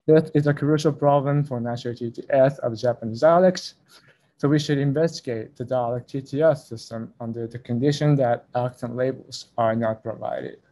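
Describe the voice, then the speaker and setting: A man's voice: mid-range voice, fairly even intonation, normal speed, mellow. A young man presenting a research talk at a conference over a video call, speaking carefully and a little hesitantly.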